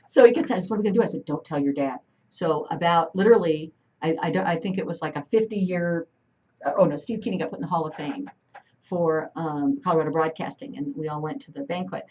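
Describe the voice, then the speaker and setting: A woman in her sixties, a radio host telling stories in a casual, animated way and laughing often. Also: sits low, quick pace. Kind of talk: casual talk-radio chat. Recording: muffled live-stream audio from a distant mic.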